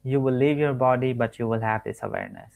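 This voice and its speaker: A man's voice: medium pitch, huge pitch swings, fast talker, vocal fry, darkish tone. A man coaching listeners on manifestation in an earnest, repetitive talk from home, often restarting and correcting his words mid-sentence. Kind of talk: spoken teaching monologue.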